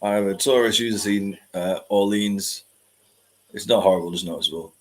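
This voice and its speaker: A man's voice: fairly low pitch, a little fast. A man hosting a live stream, chatting and answering viewer comments with dry jokes. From United Kingdom. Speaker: host.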